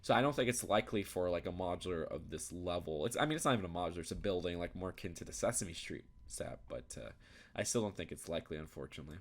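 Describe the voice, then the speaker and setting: Young male reviewer, lowish voice, rambling, thinks aloud, restarts often. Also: expressive, fast. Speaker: YouTube reviewer. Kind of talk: casual commentary while browsing.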